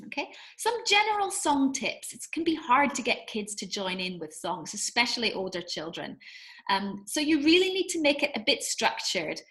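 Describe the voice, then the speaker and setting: A woman's voice: mid-range voice, a bit bright. A woman teacher giving practical tips on songs for young children, friendly and full of fillers. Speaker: English teacher. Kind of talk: instructional talk with sung examples.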